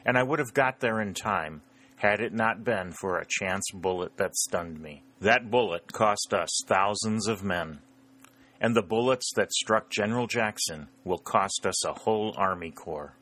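Guy reading as a grave steady officer, sober and measured, low bright voice. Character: grave adult male Union officer, steady.

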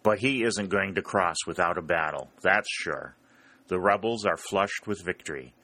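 A man's voice: low-pitched, normal speed, bright, forceful tone, exaggerated voice. A man voicing a weary, matter-of-fact army scout in a storybook reading.

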